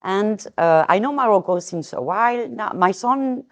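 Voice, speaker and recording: A woman's voice: mid-range voice, lively intonation, normal speed. A French woman with a French accent, a guest in a casual chat, explaining with some hesitant fillers. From France.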